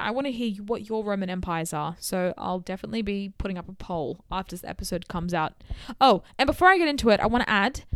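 A woman in her twenties hosting a casual solo podcast. She talks in an animated, chatty way with emphatic bursts. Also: mid-range voice, clean tone. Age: 20s. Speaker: podcast host.

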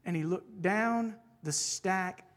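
Expressive woman preacher reading a rhyming tale. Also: on the low side, takes it slowly. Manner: expressive, rhythmic storytelling. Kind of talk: reading a rhyming children's story aloud.

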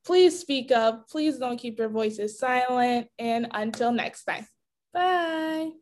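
A woman's voice: a little high, slow pace, a little hiss or hum. A woman podcast host who is upbeat and giggly as she closes an interview and reads her outro. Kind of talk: casual interview chat and outro.

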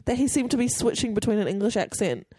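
A woman's voice: fairly high pitch, fast talker, breathy edge, dry recording, studio quality. Chatty woman co-hosting a podcast. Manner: animated, chatty, with many filler likes. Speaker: podcast co-host. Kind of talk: casual chat.

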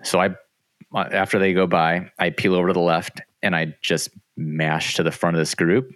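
A man's voice: deep voice, little pitch movement, normal speed, fairly bright tone, no room sound. A man hosting a podcast, chatting casually in a rambling way with many restarts. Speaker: podcast host. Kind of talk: casual chat.

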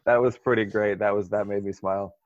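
Low-voiced man, crude podcast banter. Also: fairly even intonation, fairly quick, lo-fi sound, a little hiss or hum. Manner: crude, sarcastic, laughs often. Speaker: podcast co-host. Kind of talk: casual podcast chat.

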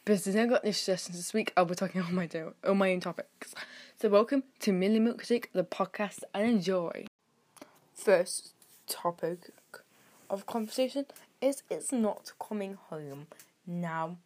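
A British teenage girl hosting her own podcast, rambling and sarcastic, with sudden jumps in loudness. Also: mid-range voice, a little slow. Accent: British English. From Britain. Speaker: podcast host. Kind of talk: casual solo podcast chat.

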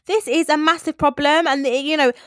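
A woman's voice: high voice, fairly even intonation, a little fast, dry recording. Sympathetic woman, dry close sound. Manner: sympathetic, supportive listener. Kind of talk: casual chat.

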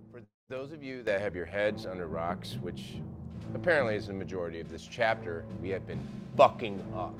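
A man's voice: low voice, close to an everyday voice. An actor playing a furious young woman sorority officer who rants and swears in a dramatic reading over music. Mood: seething. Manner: profane, seething, building to screaming. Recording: loud music under the voice.

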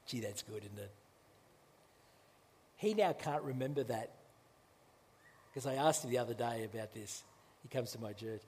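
A male pastor preaching a sermon in a conversational way, with restarts and slow, emphatic phrases, in a church. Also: medium pitch, darkish tone, husky, in a large hall.

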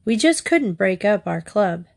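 Woman reads a calm, firm teenage boy who speaks for the group, storybook. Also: mid-range voice, unhurried, vocal fry.

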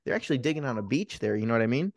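A man's voice: mid-range voice, expressive, racing, no room sound, clean studio sound. A man co-hosting a podcast, casually retelling a film plot in a rambling, profane way with many restarts. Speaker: podcast co-host.

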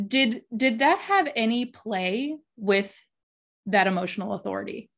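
A woman's voice: mid-range voice, animated, measured pace, fairly bright tone. A woman hosting a casual interview, thoughtful and affirming, asking long open questions. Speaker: host.

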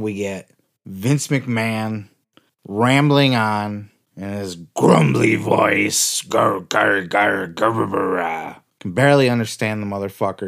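A man hosting a comedy podcast, swearing freely and ranting with excitable outbursts. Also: medium pitch. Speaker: podcast host. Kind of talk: comic podcast rant.

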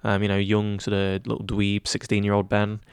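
A young man in his twenties talking in a relaxed interview, chatty and self-deprecating with lots of fillers. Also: fairly low pitch, normal speed, vocal fry, clean tone. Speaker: head of news at student radio. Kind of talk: casual interview chat.

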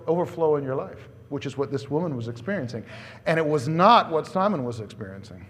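A man preaching from the pulpit in a lively, conversational manner, pushing his voice up, then dropping it to a hush. His voice sits a little high for a man. A long reverb trails after each phrase, as in a church sanctuary. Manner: animated, conversational preaching with swings from loud to hushed. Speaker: pastor. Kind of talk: sermon.

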